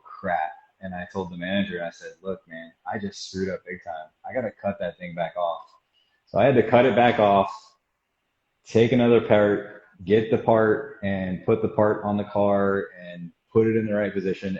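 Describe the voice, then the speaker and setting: A man's voice: fairly low pitch, a little mellow. A man, a guest auto body technician, telling stories from the shop in a casual, rambling way and laughing often. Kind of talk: casual storytelling chat. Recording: roomy, dull lo-fi sound.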